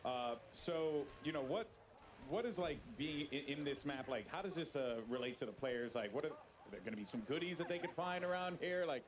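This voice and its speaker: A man's voice: a little high, animated, fairly quick. A man interviewing developers on a live showcase, asking curious, enthusiastic questions. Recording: crowd noise behind the voice.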